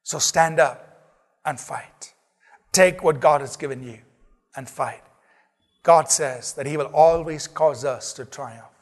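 A man with a high voice preaches a sermon, hammering his points with repeated phrases and sometimes dropping to a near-quiet close. His voice rings through a hall with a long reverb tail. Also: takes it slowly, long pauses. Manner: emphatic, repetitive preaching with rising urgency and soft, low closing lines. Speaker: pastor.

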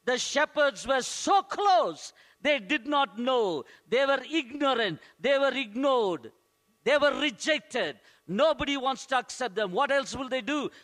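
Male pastor, very high and bright voice, earnest sermon with emphatic repetition. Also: expressive, a little slow.

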